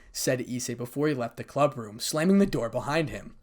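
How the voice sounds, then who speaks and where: Lively man reading fan fiction. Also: mid-range voice, normal speed, few pauses. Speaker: story narrator.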